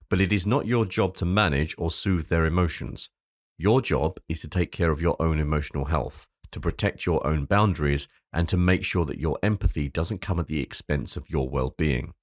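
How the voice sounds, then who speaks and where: A man's voice: deep voice, no echo, clean studio sound. A man hosting a podcast, reading an earnest script with loose, sweary asides. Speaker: podcast host.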